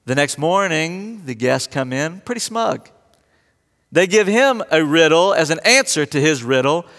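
A man preaching from the pulpit, high-pitched and animated as he retells an old story. He slips into little voices for each character and jokes with the congregation. His voice rings out with the long reverb of a large sanctuary. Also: unhurried. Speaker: pastor. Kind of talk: sermon.

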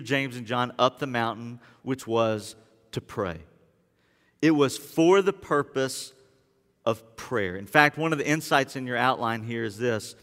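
A man preaching a sermon as pastor, telling the story in lively casual words and retelling scenes as he goes. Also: mid-range voice, big-room sound.

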